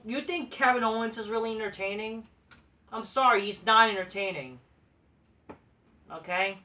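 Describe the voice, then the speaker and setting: Bright-voiced woman ranting, profane and sarcastic. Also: medium pitch, recorded from a distance. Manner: profane, repeats "like" and restarts often, sarcastic. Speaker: wrestling show reviewer. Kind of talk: ranting show review.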